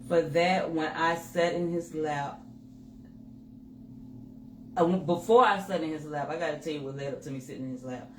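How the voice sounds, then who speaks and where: A woman co-hosting a candid couple's chat with her husband, telling personal stories with lively acted-out inner dialogue. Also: sits low, moderate pace, pauses often. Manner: animated storytelling, acts out her own inner voice. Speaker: co-host. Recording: roomy with faint noise.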